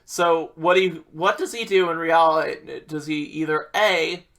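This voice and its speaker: A man's voice: a little high, fairly even intonation, measured pace, fairly bright tone. A young man telling a rambling, profane storytime about his school days and acting out what people said. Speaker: vlogger.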